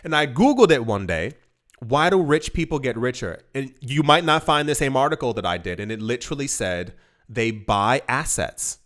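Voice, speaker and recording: A man of medium pitch hosts a casual video and talks straight to the viewer. He is emphatic and repeats words, stumbling and restarting as he pushes his point. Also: expressive, normal speed, a bit bright. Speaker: crypto video host. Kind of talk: casual direct-to-camera commentary.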